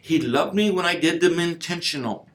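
A man telling a personal faith story in casual conversation, emphatic and informal, his voice swinging from loud to hushed. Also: on the high side, moderate pace, echoey room. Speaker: guest sharing a personal testimony.

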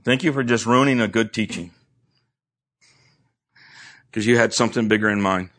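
A man's voice: fairly low pitch, normal speed, fairly bright tone. A male pastor preaching a sermon, telling a personal story with dramatic swings, then leading a fervent prayer full of repeated words. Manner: repeats words when building intensity.

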